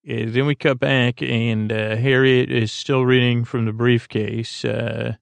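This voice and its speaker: A man's voice: mid-range voice, flat delivery, takes it slowly, creaky, smooth, dry recording. A man hosting a sleep podcast, casually retelling a story in a meandering way full of "uh" and "like". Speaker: podcast host.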